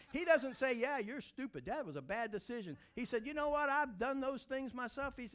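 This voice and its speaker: A man preaching a sermon as pastor, telling animated stories and breaking into loud excited shouts. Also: sits high.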